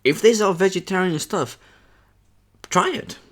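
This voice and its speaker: A young man with a high, animated voice speaks a little slowly as he eats for a mukbang vlog. Between bites he rambles candidly to the camera, repeatedly using "man."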